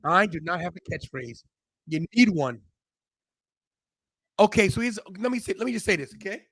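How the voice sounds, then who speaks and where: A man's voice: sits high, animated, moderate pace, fairly bright tone, husky. A man hosting a wrestling watch-along live stream. He rants brashly and rambles with restarts. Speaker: wrestling podcast host.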